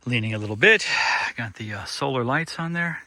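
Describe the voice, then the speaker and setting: A man's voice: medium pitch, lively intonation, a little fast, bright, forceful tone, no room sound, clean studio sound. Wry, short-winded man talking to himself. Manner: wry, joking, talks to himself. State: short of breath. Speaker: DIY builder vlogger. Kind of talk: casual self-narration while working. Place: outdoors on a wooded slope.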